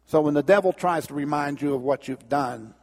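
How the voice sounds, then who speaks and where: A man's voice: fairly high pitch, a little fast. A man preaching a sermon in a folksy, conversational way, in a long church reverb. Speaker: pastor. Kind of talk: sermon with storytelling.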